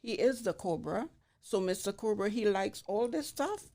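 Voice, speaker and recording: A woman in her sixties, a podcast guest, telling lively stories and acting out the voices in them. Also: medium pitch, normal speed. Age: 60s. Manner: animated, acts out voices in her anecdotes. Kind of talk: storytelling in conversation. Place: studio beside a barbershop.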